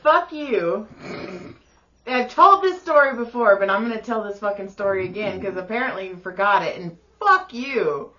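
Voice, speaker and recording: A woman's voice: medium pitch, animated, moderate pace, bright, forceful tone, slight background noise. A woman co-hosting a podcast, telling stories in a blunt, profane way. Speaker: podcast co-host. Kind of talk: casual chat. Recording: muffled lo-fi recording.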